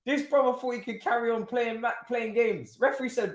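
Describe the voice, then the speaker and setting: Speaking very high and fairly fast, a male streamer hosts a live stream, chatting casually and reacting to a football match with slang. The room sounds echoey.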